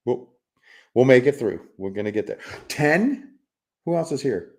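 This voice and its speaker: A man's voice: mid-range voice, lively intonation, measured pace. A middle-aged man hosting a casual livestream, rambling and teasing his chat with frequent chuckles and repeated words. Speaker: livestream host reading chat.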